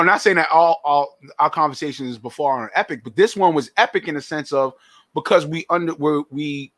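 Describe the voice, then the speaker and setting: A man's voice: on the high side, fairly bright tone, no room sound. A young man chatting casually on a podcast, stumbling and repeating words as he thinks aloud. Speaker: podcast host.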